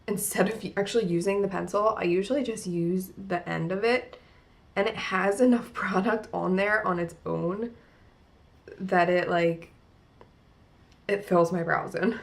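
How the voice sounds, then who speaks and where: A woman's voice: mid-range voice, steady tone, measured pace, creaky. A young woman from New Jersey with a New Jersey accent, chatting casually through a makeup tutorial with lots of "like" fillers. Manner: chatty, rambling, many "like" fillers. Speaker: beauty vlogger. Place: at home in front of a mirror.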